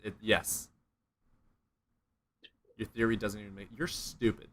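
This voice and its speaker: A man's voice: on the low side, level tone, unhurried, fairly bright tone. A man hosting a casual debate chat, ranting and swearing freely. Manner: profane, ranting. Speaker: streamer host.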